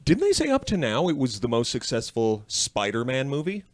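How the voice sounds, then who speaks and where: Animated man with a lively voice. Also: medium pitch, a little fast, over a noisy crowd. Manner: animated, swears, acts out quotes. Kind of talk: casual panel chat.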